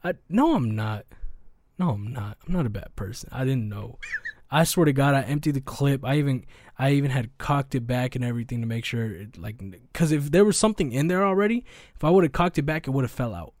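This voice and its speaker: A man's voice: mid-range voice, expressive, a little fast, a little mellow, no echo, studio quality. A young man hosting a podcast, telling stories in a slangy, profane, rambling way with lots of fillers. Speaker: podcast host. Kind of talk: casual podcast chat, storytelling.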